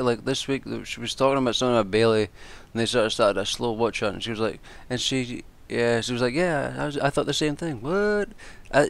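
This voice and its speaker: Casual male vlogger, gravelly fry, fed-up rambling rant with lots of swearing. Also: mid-range voice. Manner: exasperated, swears freely, rambling with restarts. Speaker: wrestling commentator and vlogger. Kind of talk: casual ranting predictions.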